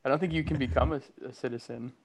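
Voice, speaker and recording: A man's voice: medium pitch, fairly even intonation, quick pace, creaky, a crowd in the background. Laid-back man in casual chat. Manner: laid-back, many "like" fillers, laughs easily. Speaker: podcast co-host.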